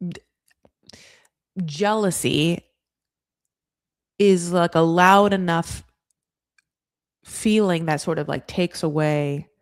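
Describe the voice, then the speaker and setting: A woman's voice: sits low, no echo, studio quality. A woman hosting a casual reality TV recap, talking in a rambling, chatty way full of fillers. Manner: acts out cast members in quick quoted voices.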